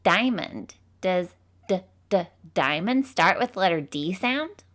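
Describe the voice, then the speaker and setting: A woman's voice: a little high, expressive, measured pace, a bit bright. A woman voicing a cheerful cartoon phonics teacher, encouraging children with bubbly, sing-song praise.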